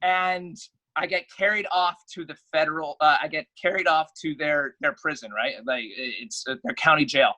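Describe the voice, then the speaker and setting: A man's voice: a little high, normal speed, rough recording. A young man, a podcast guest, telling a story in casual chat and acting out the voices in it. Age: young adult. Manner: animated, acts out quoted voices loudly.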